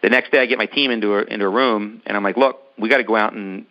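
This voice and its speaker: A man's voice: lowish voice, fairly even intonation, fast, dull audio. A man casually telling a long personal story in an interview, rambling with many ums and restarts. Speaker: business owner telling his story.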